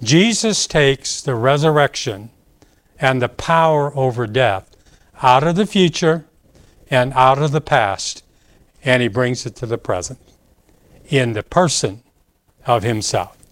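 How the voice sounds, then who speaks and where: Male pastor, unhurried emphatic sermon voice, dry recording. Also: mid-range voice, expressive, no room sound. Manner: slow, emphatic preaching with rising emphasis. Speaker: preacher.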